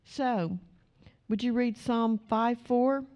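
A woman's voice: a little high, slow pace, highs cut off. Emphatic woman preaching to a congregation. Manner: emphatic, direct, addresses the congregation. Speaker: pastor. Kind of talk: sermon. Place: church.

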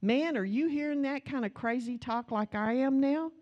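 A woman's voice: high voice, moderate pace, darkish tone, lo-fi sound. A woman pastor preaching a sermon, acting out quotes and speaking to the congregation in asides.

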